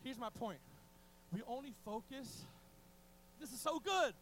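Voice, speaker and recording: A man preaching a sermon in a strikingly high voice, excitable and full of restarts. He shifts between loud outbursts and near-whispers. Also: a little slow, slight background noise, poor audio. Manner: excitable, restarts often, swings from shouting to hushed.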